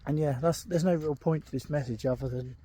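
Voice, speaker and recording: Man, middle-aged, mellow voice, candid rambling walk-and-talk, in pain, earbud mic, faint outdoor ambience. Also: on the high side, fairly quick, a little hiss or hum. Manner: candid, rambling, frequent ums. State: in pain, limping. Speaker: vlogger. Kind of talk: casual walking vlog. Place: outdoors on country lanes, walking a dog.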